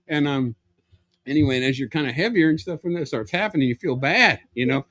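Animated man telling a comic story. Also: on the high side, fairly quick, dry recording. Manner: animated, acts out voices, laughs through the telling. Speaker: podcast guest.

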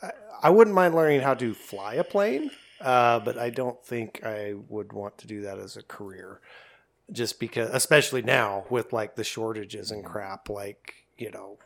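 A man's voice: fairly low pitch, moderate pace, creaky, a bit bright. A man guest on a podcast, talking in a hesitant, laid-back way. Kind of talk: casual chat.

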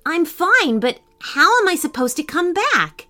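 A woman's voice: extremely high pitch, very animated, a little slow, pitched above the performer's own voice, exaggerated voice. A woman voicing a young male dinosaur calling out across a gap, in a storybook reading. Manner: calling out loudly. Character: young male dinosaur, stranded, brave and cheeky.

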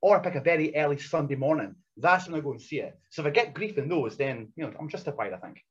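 A man tells a loud, sweary story on a podcast and acts out what people said. His voice is husky and a little high, with very lively swings in pitch. The recording sounds dull and lo-fi. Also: fast talker. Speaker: podcast guest. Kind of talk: animated storytelling.

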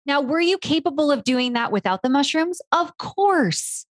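A woman hosting a podcast interview, telling a playful, animated story with mild swearing. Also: high-pitched, moderate pace, dry recording, studio quality. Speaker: podcast host. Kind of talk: casual interview chat.

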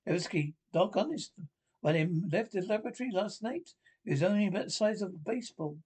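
A whiny, scared lab assistant. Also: male voice, high voice, animated, quick pace, darkish tone, breathy edge. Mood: worried. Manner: whiny, folksy and pleading. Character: timid frightened young male lab assistant. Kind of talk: 1930s radio acting.

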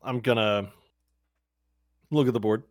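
Male player, slow deliberate delivery, playful and fidgety, dry studio sound. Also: on the low side, dry recording. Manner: giggly, fidgety, joking. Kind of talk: casual tabletop play.

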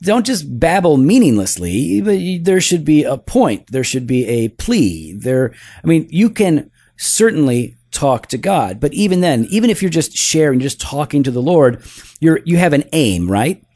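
A man's voice: on the high side, sing-song, normal speed, mellow, no room sound. A man co-hosting a casual podcast, teaching theology step by step and checking in with "right?" as he goes, with a dry, teasing humor. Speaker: podcast co-host.

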